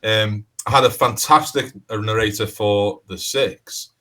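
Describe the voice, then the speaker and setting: Unhurried and steady, a crime author from Liverpool talks in a casual interview in a lowish, bright, forceful voice with a Scouse accent. He rambles and restarts his sentences, peppering them with "you know." The audio quality is low.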